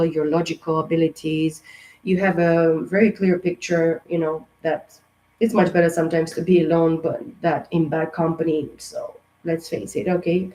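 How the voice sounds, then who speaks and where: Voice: medium pitch, warm tone, low-quality recording. A tarot reader giving a casual astrology reading to camera, talking in a loose, rambling way with many fillers and restarts, in a voice that has been strained and sensitive lately. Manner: encouraging, direct.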